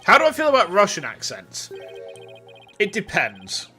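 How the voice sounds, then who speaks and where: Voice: mid-range voice, wildly swooping pitch, moderate pace, sharp tone, husky, soft background music. A streamer giving casual, chatty commentary over a video game, swearing freely.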